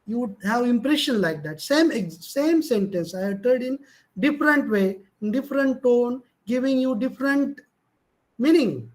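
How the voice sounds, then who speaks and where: A middle-aged man with an Indian English accent gives a motivational lecture to college students in a very high voice, speaking a little slowly. He is emphatic and shifts his tone to show stress, and the recording is rough.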